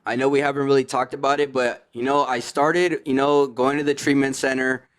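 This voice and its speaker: A man's voice: medium pitch, level tone, fairly quick, a bit bright, clear, resonant tone. A man, a podcast guest in recovery, telling his story in casual slang, full of "like" and "you know what I mean".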